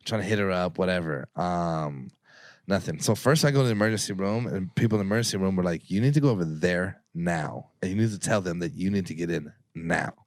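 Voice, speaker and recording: A man's voice: low voice, brisk, no echo. A man telling a personal story on a podcast in a casual, rambling way, swearing freely and acting out what people said. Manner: profane, rambling, acts out quoted people.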